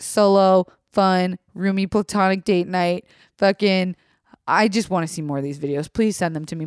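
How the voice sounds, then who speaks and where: An excitable young woman chats through her solo podcast, peppering every tip with swearing. Her voice sits at a middling pitch and sounds close and dry, with no room around it. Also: smooth, dry recording. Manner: profane, excitable, chatty. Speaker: podcast host. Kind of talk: casual solo podcast talk.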